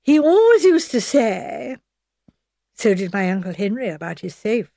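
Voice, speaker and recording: A woman's voice: fairly high pitch, sing-song, a little slow, creaky, mellow, no echo, full character voice. A woman doing a twittering elderly spinster sleuth. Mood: gently knowing. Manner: rambling, twittering, digressive. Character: chatty elderly spinster sleuth, fussy and rambling.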